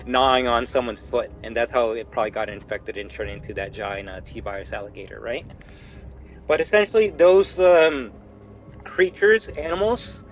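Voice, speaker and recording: Young man, animated profane game streamer. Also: mid-range voice, rough recording. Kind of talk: casual gaming commentary.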